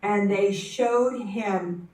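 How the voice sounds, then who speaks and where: A woman telling a personal story to a conference audience, animated and acting out the voices in her story, often restarting her sentences. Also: mid-range voice, extremely slow. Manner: frequent self-corrections and restarts. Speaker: conference speaker. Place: conference hall. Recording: roomy hall, speaker distant from the mic.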